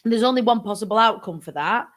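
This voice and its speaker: A woman's voice: a little high, fast talker. A woman hosting a casual chat, enthusiastic and encouraging. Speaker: host.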